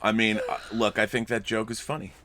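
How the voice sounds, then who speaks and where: A man hosting a casual movie podcast over wine, joking and stammering through quick restarts. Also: on the low side, background noise. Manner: animated, jokey, stammering restarts.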